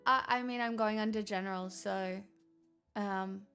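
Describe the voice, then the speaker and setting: A woman's voice: mid-range voice, fairly even intonation, measured pace, bright, forceful tone, clear, resonant tone. A woman chatting casually on a live stream, answering viewer messages in a chatty, matter-of-fact, self-mocking way.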